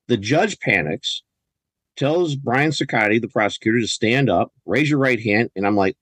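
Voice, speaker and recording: A man from a US state, appearing as a podcast guest, tells stories in casual conversation, emphatic and indignant with many restarts. His mid-range voice is expressive, husky and a bit bright, at a normal speed with no echo.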